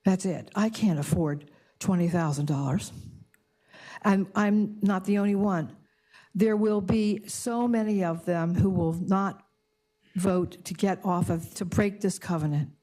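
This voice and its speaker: Older female resident at public comment, upset and halting. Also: lowish voice, dark tone. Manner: emotional, indignant, halting with restarts. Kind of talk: public comment at a community board meeting.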